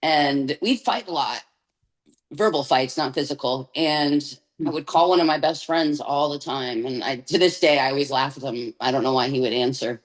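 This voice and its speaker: A woman's voice: rumbling low, normal speed, poor audio. A woman guest on an interview podcast, sharing her personal testimony candidly and vividly.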